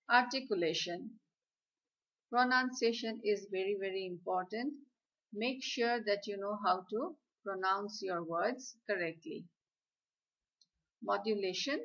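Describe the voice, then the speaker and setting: A woman giving a slide lecture on communication skills, speaking in a deliberate, instructive way. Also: mid-range voice, fairly bright tone. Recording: slightly dull, lo-fi audio.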